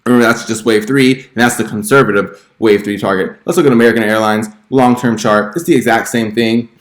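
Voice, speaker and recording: Low-voiced man explaining charts casually. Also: steady tone, a little fast, echoey room. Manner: chatty, full of "you know" and "uh" fillers. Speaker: host of a stock trading channel. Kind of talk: casual chart analysis walkthrough.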